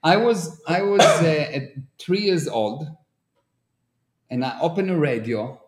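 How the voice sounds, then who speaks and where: A man's voice: on the high side, slow, heavy background noise. A man with an Israeli accent explaining ideas earnestly in a casual podcast chat, using everyday examples and non-native grammar. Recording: roomy echo.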